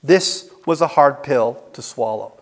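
A man's voice: mid-range voice, measured pace, long reverb tail. A man preaching a sermon as pastor, earnest and emphatic, with many rhetorical questions. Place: church sanctuary.

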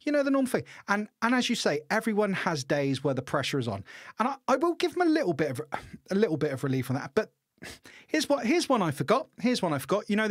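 Bloke ranting on a podcast, high lively voice, dry sound. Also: male voice, dry recording. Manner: animated storyteller, swears, quick restarts. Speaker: podcast co-host. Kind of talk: casual ranting chat.

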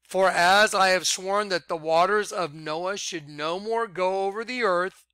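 Man, informal scripture preacher, emphatic and insistent, bright clear voice, dry sound. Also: sits high, no room sound. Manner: emphatic, repeats "watch", drawn-out words for emphasis. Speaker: self-styled preacher. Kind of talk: reading scripture aloud with commentary.

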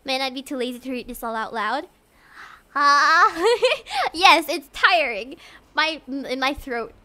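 A woman's voice: high-pitched, lively intonation, measured pace, sharp tone. A young woman from Singapore, streaming and chatting casually, giggly and rambling, often laughing. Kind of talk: casual livestream chat.

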